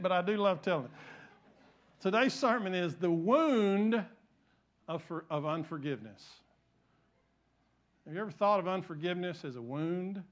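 A middle-aged pastor with a notably high voice delivers a sermon in church. He tells a folksy, rambling story, restarting his sentences and talking straight to the congregation. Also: fairly bright tone.

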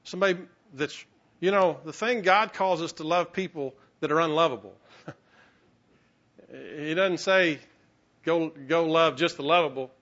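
A man's voice: on the high side, measured pace, pauses often, fairly bright tone. A man preaching a sermon, telling a personal story with self-mocking humor and acting out the voices he quotes. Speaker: pastor. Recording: muffled, lo-fi sermon recording.

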